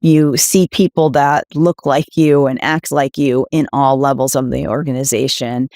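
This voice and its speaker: A woman's voice: a bass voice, fairly even intonation, normal speed, a little mellow, dry recording, clean studio sound. A middle-aged woman executive, a guest in an interview, speaking emphatically and asking rhetorical questions. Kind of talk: candid interview conversation.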